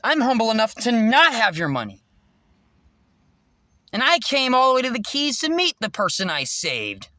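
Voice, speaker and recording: Intense preachy male vlogger, high and very animated delivery. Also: normal speed, pauses often, no room sound. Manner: intense, preachy, swears freely. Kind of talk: rambling spiritual monologue.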